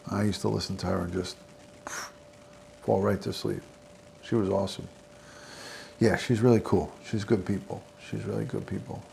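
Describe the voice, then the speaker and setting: A middle-aged man from the American South with a New York accent, hosting a livestream and rambling through friendly shout-outs to his chat. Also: low-pitched, animated, normal speed, vocal fry, long pauses, a little hiss or hum. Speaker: livestream host. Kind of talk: casual livestream sign-off chat.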